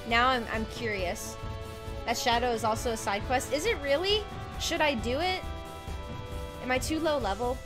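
Chatty young woman streamer, high voice. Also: normal speed, long pauses. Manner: chatty, giggly, chats with viewers and reads game lines aloud. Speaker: game streamer. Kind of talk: casual live gameplay commentary. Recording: game music playing under the voice.

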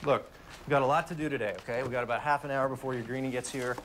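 A man's voice: medium pitch, fairly even intonation, rapid-fire, a bit bright, a little hiss or hum, natural voice. An actor playing a young male missionary, easygoing and level-headed, in film dialogue. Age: young adult.

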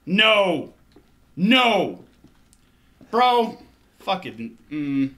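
A man's voice: sits high, sharp tone. A young man commenting on a horror game as he plays, jumpy and swearing and talking to himself. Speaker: gaming YouTuber. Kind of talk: let's play commentary.

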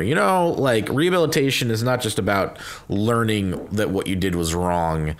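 Excitable, animated man commenting on a game. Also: fairly low pitch, normal speed. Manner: loud excitable outbursts, crude jokes. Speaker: gaming commentator. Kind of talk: let's play commentary.

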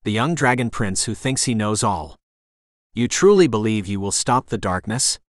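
A man's voice: on the low side, expressive, normal speed, no echo, clean studio sound, lightly acted. Man voicing a mocking demon king villain. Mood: menacing taunt. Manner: taunting, cackling menace. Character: plague-possessed demon king, male, cruel and mocking.

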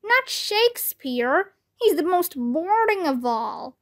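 Brief: woman playing a high, whiny storybook schoolboy, loud and protesting. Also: big pitch swings, measured pace. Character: whiny schoolboy who hates reading.

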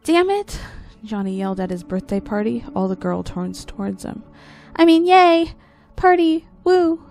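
A woman voicing an excitable, strange young boy in a creepy story reading, with a high, overexcited delivery. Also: brisk, creaky, soft background music, close to an everyday voice. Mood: shouting.

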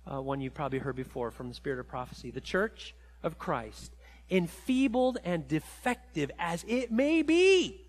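A male pastor with a notably high voice delivers a sermon in a church. He swings between excited, climbing storytelling and hushed, low reflection. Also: in a large hall. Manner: animated storytelling, rising high when excited, dropping low and quiet for reflection. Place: church sanctuary.

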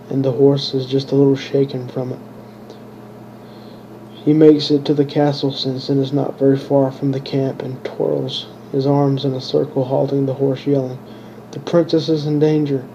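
Flat, dark-voiced man reading his own story. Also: medium pitch, moderate pace, muffled recording, a little hiss or hum. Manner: monotone reading with stumbles and restarts. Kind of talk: unpolished audiobook narration.

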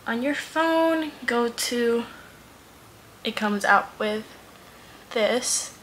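Young woman vlogger, bright, slightly high voice, giggly and gushing, faint hiss behind. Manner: gushing, giggly, says "oh my god" often. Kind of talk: casual unboxing vlog.

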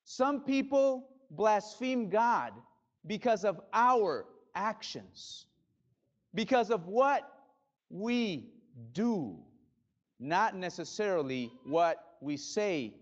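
High-voiced man preaching slowly. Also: sing-song, muffled recording. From Spanish-speaking background. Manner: dramatic, builds to loud bursts then drops quiet. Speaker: pastor. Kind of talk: sermon. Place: church sanctuary.

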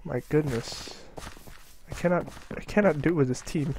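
A man's voice: fairly high pitch, normal speed. A man commenting on his own gameplay, often frustrated and exclaiming, with mild cursing. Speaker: gamer. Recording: loud background noise with clicks.

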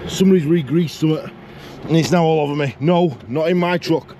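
A Yorkshire truck driver vlogs casually from his cab, ranting and swearing in comic exasperation. His voice is a little high and brisk, with background noise behind it.

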